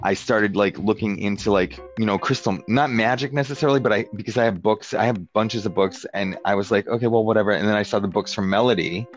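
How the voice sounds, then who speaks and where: A man with a fairly low voice races through a story with hardly any pauses, chatting casually and scattering "like" throughout. He takes on other people's voices when quoting them, and the recording is dull and lo-fi, with faint guitar music.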